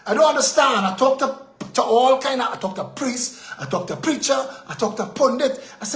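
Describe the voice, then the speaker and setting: A man with a Trinidadian accent hosting a live political talk show, ranting with indignation, firing off rhetorical questions and sometimes shouting. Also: very high-pitched, normal speed, creaky, echoey room.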